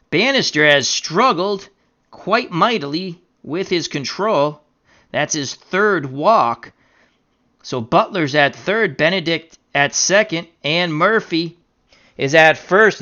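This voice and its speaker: A man calling a tabletop baseball dice game as a jokey, excitable play-by-play announcer. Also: on the high side, slow.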